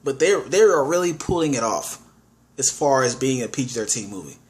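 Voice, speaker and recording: A man's voice: medium pitch, expressive, brisk. A man giving a casual spoken movie review, enthusiastic, often restarting his words and saying "all right".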